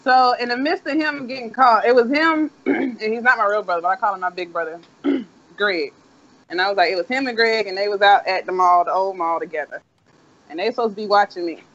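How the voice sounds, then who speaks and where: A man's voice: sits high, fairly quick, fairly bright tone. A man telling a rambling, profane childhood story in a casual chat. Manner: rambling, profane, laid-back. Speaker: co-host. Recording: dull lo-fi audio.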